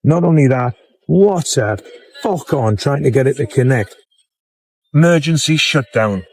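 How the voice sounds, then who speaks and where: A man, blunt and indignant, complains to his camera. His voice sits at a medium pitch. The sound is close and dry. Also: animated, measured pace, darkish tone, dry recording. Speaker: vlogger. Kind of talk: casual rant to camera. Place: outdoors at a car charging point.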